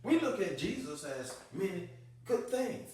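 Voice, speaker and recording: An American man preaching with fervent emphasis, hammering phrases again and again and rising from murmurs to booming calls. His voice sits a bit high for a man. He is picked up from well back in a very reverberant room. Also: very animated, measured pace. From United States. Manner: emphatic, repeats key phrases, swings between quiet and booming. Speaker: religious teacher. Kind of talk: impassioned sermon-style teaching. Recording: echoey room, voice far from the mic.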